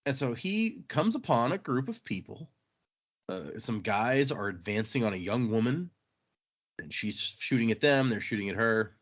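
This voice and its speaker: A man hosts a podcast, loosely retelling a story's chapters. He talks at a middle pitch, rambles with fillers and asides, and sounds casual. The recording is a bit dull and lo-fi. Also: sing-song, normal speed. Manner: rambling, with fillers and laughs, acting out quotes. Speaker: podcast host. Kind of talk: casual book recap.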